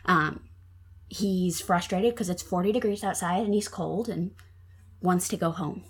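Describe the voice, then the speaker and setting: A woman's voice: fairly low pitch, measured pace, husky. A woman telling a true crime story in casual chat, with lots of ums and likes. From Minnesota. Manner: chatty, many ums and likes. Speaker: podcast guest telling a true crime case.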